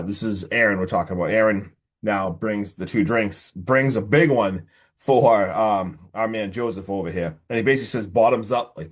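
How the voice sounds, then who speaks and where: Excitable man retelling a film. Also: fairly low pitch. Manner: animated retelling, acts out the characters; excitable, slangy. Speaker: podcast host. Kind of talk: casual podcast film review.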